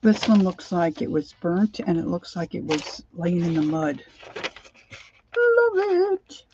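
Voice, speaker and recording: A woman's voice: on the low side, normal speed, dark tone, lo-fi sound, slight background noise. An older woman hosting a crafting livestream, chatting casually and greeting viewers by name as she works.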